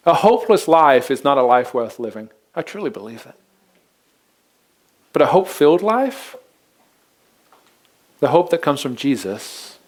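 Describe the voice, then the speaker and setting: Male pastor, high voice, casual earnest preaching, repeats his words at sentence starts. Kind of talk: sermon.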